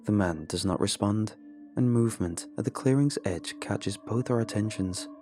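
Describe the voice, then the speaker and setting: A man narrating a first-person horror story in a measured, grim manner. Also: lowish voice, dark tone. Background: background music.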